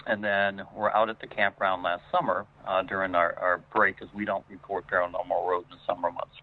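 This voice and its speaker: Male guest telling a story by phone, lower voice, loose and filler-heavy delivery, phone-thin sound. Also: flat delivery, fairly quick. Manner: rambling, many "uh"s and restarts. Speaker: guest paranormal investigator. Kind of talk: casual spoken storytelling. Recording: tinny phone line.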